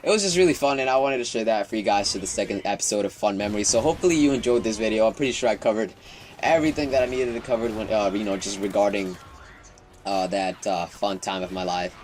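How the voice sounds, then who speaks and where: A man's voice: lowish voice, quick pace, a little hiss or hum. A teenage boy vlogging, telling a childhood story in a rambling, profane way with laughs and restarts. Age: teens. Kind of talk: casual storytelling.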